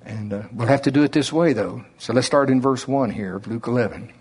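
A man with an Oklahoma accent preaching a sermon in a slow drawl, with emphatic rises and drops. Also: mid-range voice, a little mellow, husky.

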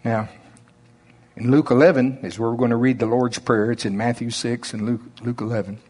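A man with an Oklahoma accent preaching a sermon in a slow drawl, with emphatic rises and drops. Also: medium pitch, steady tone, a little mellow, slightly rough.

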